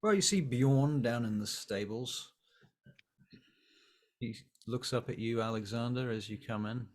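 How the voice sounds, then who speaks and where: A man's voice: mid-range voice, measured pace. A man running a tabletop game as dungeon master, plainly describing the scene.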